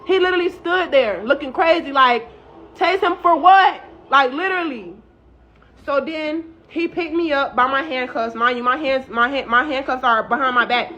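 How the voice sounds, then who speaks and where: A woman's voice: sits high, moderate pace, pushed and bright. A woman telling her own story straight to camera in a casual, heated and emphatic way, full of swearing and "like". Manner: emphatic, heated, profane, heavy use of "like". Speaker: woman recounting her arrest. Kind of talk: casual first-person account to camera. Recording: dull lo-fi audio.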